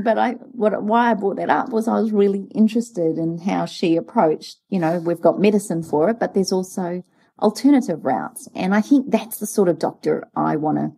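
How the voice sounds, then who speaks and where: Podcast co-host, woman in her 40s, mellow husky tone, animated storyteller. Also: on the low side, normal speed. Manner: animated storyteller, acts out dialogue. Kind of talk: casual chat.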